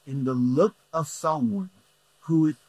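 Slow, husky-voiced male preacher. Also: fairly high pitch, a little mellow, dry recording, rough recording. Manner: repeats points, asks the room "right?". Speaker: pastor. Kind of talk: sermon.

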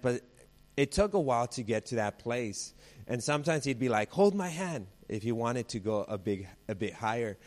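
A male pastor delivering a sermon in an easy, conversational tone. He moves between everyday family stories and scripture and acts out the voices of the people he quotes. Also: mid-range voice.

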